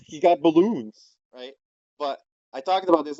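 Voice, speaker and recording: A man's voice: medium pitch, moderate pace, dark tone, no room sound. A man chats casually on his podcast, rambling, swearing and laughing as he goes. He acts out little quoted exchanges instead of just telling them. The recording is dull and dry, like a home setup with no room sound. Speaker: podcast host.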